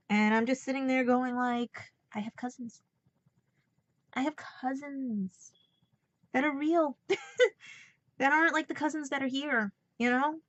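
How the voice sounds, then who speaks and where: A woman's voice: fairly high pitch, a bit bright, dry recording, muffled recording. A woman with a New York accent talking emotionally in a rambling personal vlog, holding back tears. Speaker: vlogger.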